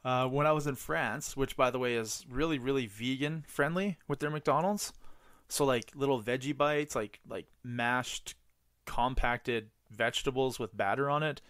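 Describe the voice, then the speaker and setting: A man talking on a podcast, rambling through his stories with plenty of filler words and casual swearing. His voice sits at an average pitch, recorded dry and close with no room sound. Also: moderate pace, fairly bright tone, dry recording. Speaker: podcast co-host. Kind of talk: casual chat.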